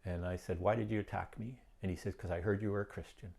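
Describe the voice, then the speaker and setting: A middle-aged man with a low, gravelly voice tells his own story. He speaks plainly and candidly, and grows animated when he quotes other people. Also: quick pace. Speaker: guest telling his testimony.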